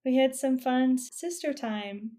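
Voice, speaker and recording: A woman's voice: high-pitched, slow, mellow. A woman co-hosting a podcast in casual chat, with playful, giggly reactions. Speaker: podcast co-host.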